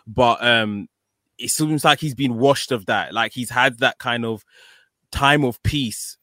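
A man hosts a casual podcast in a mid-pitched, bright voice. He talks in an emotional, gushing way and stumbles over repeated words when excited. The recording is dry. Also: takes it slowly, no room sound. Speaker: podcast host.

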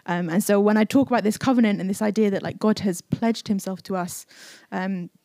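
Chatty woman giving a sermon, lots of ums, warm low-key voice, dry mic. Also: fairly quick, no echo. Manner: chatty, many fillers, acts out quoted speech. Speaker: preacher. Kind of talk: casual conversational sermon. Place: church service.

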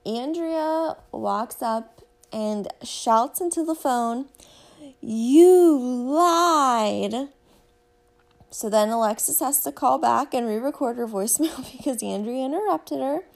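Gravelly-voiced woman podcast host. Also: a little high, measured pace. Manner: chatty, gushing, addresses listeners directly. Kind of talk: casual chat recapping a show.

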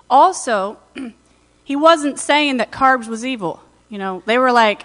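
A woman's voice: high voice, moderate pace. Woman preaching in an echoey hall. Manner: conversational, animated retelling with asides. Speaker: pastor. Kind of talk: sermon.

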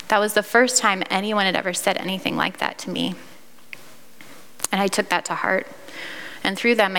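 A woman in her thirties from Iowa tells her own testimony, candid and earnest, with a bright, forceful voice. Her words ring out with a long reverb, as if from a large hall. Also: mid-range voice, creaky. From Iowa, United States. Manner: earnest, candid storytelling with fillers and restarts. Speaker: speaker sharing a personal testimony. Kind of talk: personal testimony.

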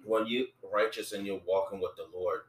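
Earnest low-voiced man, echoey room. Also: steady tone, normal speed, recorded from a distance. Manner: earnest, quotes scripture, many restarts. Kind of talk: casual faith conversation.

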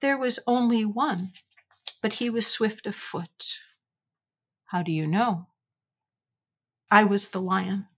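A woman voicing a vast, unseen lion who speaks slowly, quietly and gravely in a storybook reading. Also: mid-range voice, steady tone. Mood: calm.

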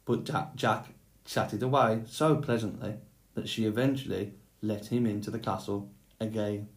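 A man reading a fairy tale aloud in a measured, unhurried way. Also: fairly low pitch, steady tone, reverberant. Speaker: storyteller. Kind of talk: storybook read-aloud.

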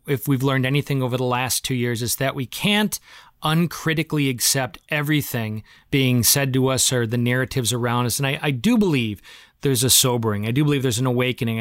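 A man's voice: mid-range voice, a bit bright, no room sound, studio quality. A man hosting a podcast interview, earnest and long-winded, framing ideas in religious terms. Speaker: host.

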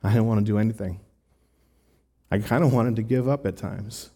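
A man's voice: on the low side, normal speed, dark tone. A man preaching a sermon in an earnest, conversational way, talking to the congregation with rhetorical asides. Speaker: pastor.

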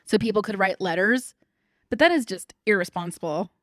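A woman's voice: mid-range voice, expressive, a little fast, a bit bright, no room sound, clean studio sound. A woman co-hosting a podcast, chatting casually and frankly, with some swearing. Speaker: podcast co-host. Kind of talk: casual chat.

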